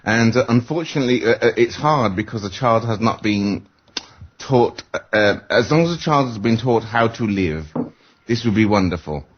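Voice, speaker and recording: Husky man, hesitant, lo-fi radio. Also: lowish voice, lively intonation, normal speed. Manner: hesitant, filler-heavy. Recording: dull lo-fi internet radio audio.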